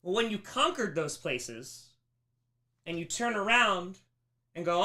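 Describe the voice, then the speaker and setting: A man teaching a live history lesson on a stream, emphatic and animated, slipping into mocking voices. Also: high-pitched, slow, pauses often. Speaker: history teacher on a charity livestream.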